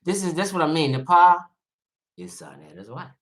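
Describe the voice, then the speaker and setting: A man hosting a livestream, ranting bluntly and profanely, swinging between loud outbursts and low muttering. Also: very animated, moderate pace. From Los Angeles. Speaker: livestream host. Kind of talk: livestream commentary rant.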